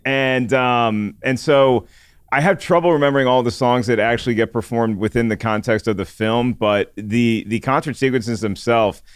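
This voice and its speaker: A man co-hosts a casual chat, his voice smooth and resonant in a dry, close recording. He thinks aloud, hesitating and restarting sentences as he works through his points. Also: mid-range voice, moderate pace, no room sound. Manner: thoughtful, hesitant, many restarts. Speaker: co-host.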